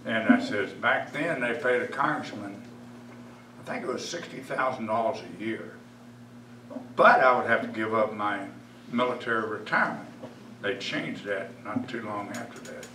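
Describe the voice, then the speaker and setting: A man's voice: fairly low pitch, moderate pace, bright, forceful tone, a little hiss or hum. Older man rambling to a crowd. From United States. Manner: folksy, rambling, with restarts. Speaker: guest speaker, retired Air Force officer. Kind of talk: informal speech to an audience. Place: museum event room. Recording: echoey room, distant mic, background ambience.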